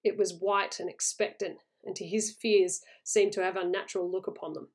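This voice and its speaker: A woman's voice: medium pitch, steady tone, normal speed. Woman reading a spooky tale. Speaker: storyteller. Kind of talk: reading a horror short story aloud.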